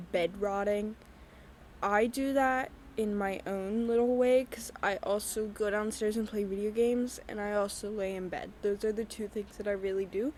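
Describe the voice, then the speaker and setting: Slow, hesitant young woman. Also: mid-range voice, a little mellow, a little hiss or hum. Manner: halting, hesitant, with many pauses and ums. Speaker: podcast host. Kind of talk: candid personal talk. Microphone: voice-only recording with a black screen.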